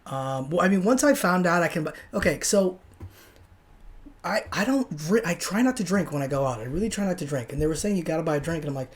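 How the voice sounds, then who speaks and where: A man's voice: fairly high pitch, fairly quick. A young man talks on his own podcast in a loose, rambling way. He starts sentences over, trails off and swears casually as he tells a story about his night out. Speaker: podcast host. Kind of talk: casual solo monologue.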